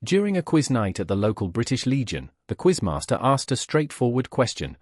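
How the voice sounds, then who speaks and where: A man's voice: mid-range voice, big pitch swings, fairly quick, hardly any pauses, no room sound, studio quality. A man narrating scripted anecdotes in a wry storytelling manner.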